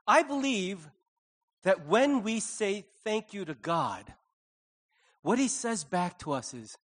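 A man's voice: sits high, very animated, slow pace, pauses often, fairly bright tone. A middle-aged man preaching a conversational sermon, telling stories with animation and acting out the dialogue. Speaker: pastor.

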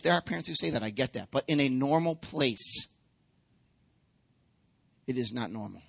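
A man's voice: medium pitch, animated, moderate pace, creaky, pauses often, fairly bright tone, husky. A man preaching a sermon as a pastor, conversational and emphatic, acting out quotes as he goes.

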